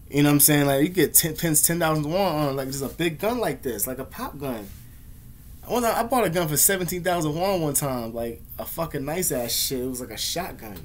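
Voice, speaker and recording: A man's voice: mid-range voice, a little hiss or hum. A young man vlogging, telling casual, slangy, profanity-heavy stories in a laid-back way. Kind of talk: casual storytelling.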